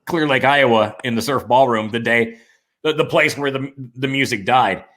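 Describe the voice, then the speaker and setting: A male podcast host with a bright, mid-pitched voice leads a casual interview. He talks loosely and conversationally, dropping in "I mean" and quick agreements.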